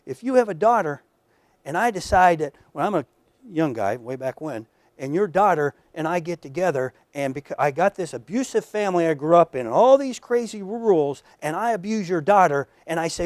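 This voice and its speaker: A man's voice: on the high side, animated, normal speed, dry recording. Emphatic man giving a lecture. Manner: emphatic, repeats words, talks to the audience directly. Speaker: lecturer at an addiction workshop. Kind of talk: conversational lecture. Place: lecture room.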